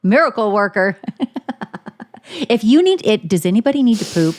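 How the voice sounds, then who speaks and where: A woman co-hosting a podcast, chatting casually in a crude, joking, animated way. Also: mid-range voice, normal speed. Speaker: podcast co-host. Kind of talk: casual chat.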